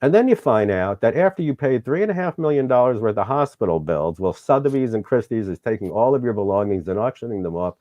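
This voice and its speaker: A man's voice: mid-range voice, animated, fast, few pauses, dry recording, dull audio. A middle-aged man, host of the show, candidly recounting a personal story in an interview and acting out the dialogue, sometimes getting emotional.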